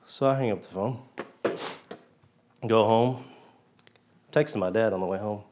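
A man's voice: on the low side, unhurried, pauses often, darkish tone, a little hiss or hum. A man preaching, telling a personal story in a folksy way and acting out the dialogue.

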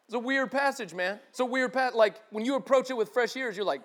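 A man's voice: extremely high pitch, a little fast, few pauses, a bit bright. A man preaching a sermon in a casual, slangy way, acting out the people he quotes. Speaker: pastor.

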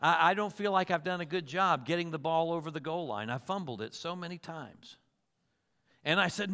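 A man preaching a sermon in a high, bright, ringing voice. He presses his listeners with earnest rhetorical questions and acts out the words of the people he quotes. The delivery is urgent and full of conviction. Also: normal speed, in a large hall. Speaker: pastor.

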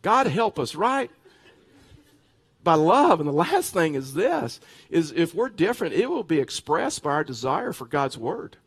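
A man pastor preaching a sermon, telling a story with animated, repeated phrases and restarts. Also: a little high, unhurried, breathy edge. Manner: animated storytelling with bursts of laughter.

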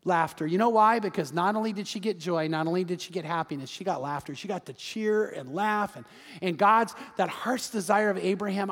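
A pastor giving a lively sermon with frequent asides and repeated words. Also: male voice, sits high, fairly quick, long reverb tail.

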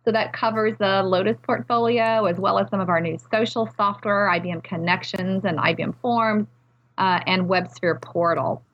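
A woman's voice: medium pitch, steady tone, normal speed, dull audio, a little hiss or hum. A woman executive being interviewed on a podcast, upbeat and fluent in a corporate speaking manner. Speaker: technology executive guest.

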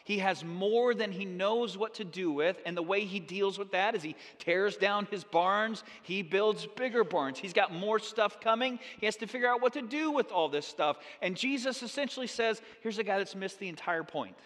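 Animated high-voiced male pastor preaching. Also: moderate pace, hardly any pauses, big-room sound. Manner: animated, acts out the people in the story. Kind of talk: sermon. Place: church sanctuary.

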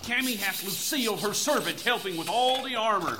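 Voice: medium pitch, expressive, fairly quick, noisy background, natural voice. A performer voicing a bossy cartoon kid playing a knight, barking orders and insults at a servant.

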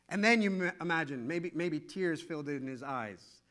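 A middle-aged male pastor preaching a sermon with animated, repetitive storytelling. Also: sits high, moderate pace, few pauses.

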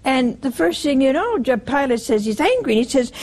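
A woman's voice: sits high, sing-song, moderate pace, few pauses, darkish tone, poor audio. A woman giving a conversational sermon in a homely way, often asking her listeners rhetorical questions. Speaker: preacher.

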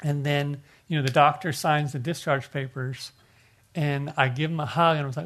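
A man's voice: a little high, steady tone, moderate pace, a bit bright. A middle-aged male pastor preaching a sermon in an earnest, conversational way, often restarting his phrases.

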